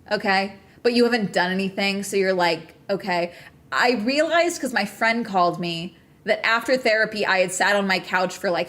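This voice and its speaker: A woman streamer with a mid-range, slightly bright voice chats casually on a livestream, still agitated, ranting with plenty of swearing and bursts of laughter.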